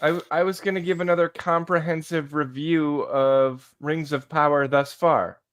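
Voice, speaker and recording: A man's voice: fairly high pitch, fairly even intonation, moderate pace, smooth, no echo. A man with a mid-range voice hosting a podcast. He is blunt and swears freely, and the sound is dry and close. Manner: blunt, profane. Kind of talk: casual chat.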